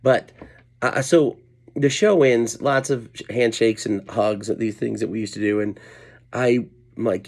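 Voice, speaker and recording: A middle-aged comedian from Colorado, USA, tells a rambling, self-deprecating story at home late at night, full of asides and restarts. His medium-pitched voice is unhurried, gravelly and a little mellow, in a casual storytelling monologue.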